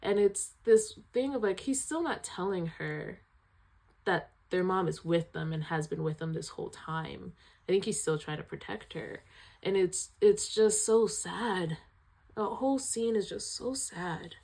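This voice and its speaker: A woman giving a casual video review of a film. She retells scenes in an animated, emotional way, sighing often. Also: on the low side, measured pace, creaky.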